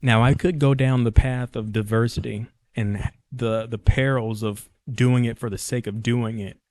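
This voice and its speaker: A man's voice: mid-range voice, steady tone, normal speed, darkish tone, no room sound. A young man hosting his own podcast, talking casually in a rambling, jokey way and often correcting himself mid-sentence. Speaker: podcast host. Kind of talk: casual solo podcast monologue.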